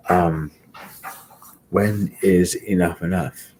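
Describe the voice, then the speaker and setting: A sleepy man speaking live commentary in a slow, halting way, often repeating himself. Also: deep voice, steady tone, a little mellow, low-quality recording. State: sleepy, yawning. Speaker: livestream commentator.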